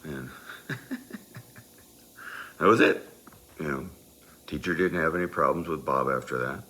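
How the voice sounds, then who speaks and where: A man telling a personal story in a loose, animated way, moving from quiet asides to loud, emphatic bursts. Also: rumbling low, a little slow. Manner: loose, with many fillers and restarts.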